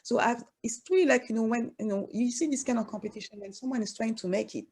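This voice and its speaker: A French woman speaking English with a strong French accent as a panelist, talking haltingly with many fillers and restarts. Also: fairly high pitch, darkish tone, husky. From France. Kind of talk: panel discussion.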